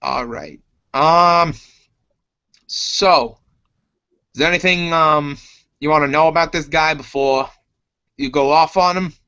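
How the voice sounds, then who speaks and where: A man voicing a gruff male crime boss who deals in information, talking bluntly and slowly in a dull lo-fi recording. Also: on the high side, pushed and bright. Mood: businesslike. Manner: blunt and scolding.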